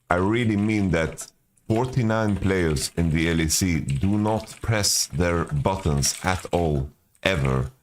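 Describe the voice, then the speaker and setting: A man's voice: low-pitched, slight background noise. A man streaming a watch party, talking loosely and profanely, calling everyone "bro" as he reacts. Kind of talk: casual reaction commentary.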